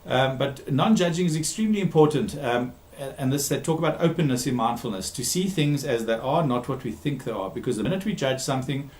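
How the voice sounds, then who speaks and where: A man who works as a therapist gives a recorded talk, speaking emphatically, repeating key words and pausing with frequent ums. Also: mid-range voice, lively intonation, a little mellow, echoey room. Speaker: therapist giving a talk series.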